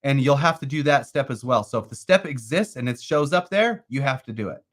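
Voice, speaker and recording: A man's voice: mid-range voice, expressive, fairly quick. A man co-hosting an investing show, explaining a crypto process in a loose, rambling way full of fillers. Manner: rambling, uses lots of "like" and "uh". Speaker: co-host. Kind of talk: casual chat about crypto investing.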